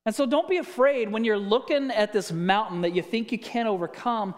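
A man's voice: sits high, animated, normal speed, hardly any pauses. A man preaching a sermon as a pastor, telling stories and asking the listeners rhetorical questions. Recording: long reverb of a hall.

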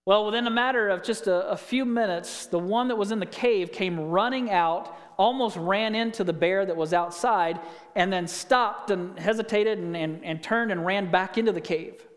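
A male pastor with a high voice delivers a sermon in a relaxed, conversational manner, mixing scripture readings with folksy anecdotes. His words ring out in a church sanctuary with a long, trailing reverb. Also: normal speed.

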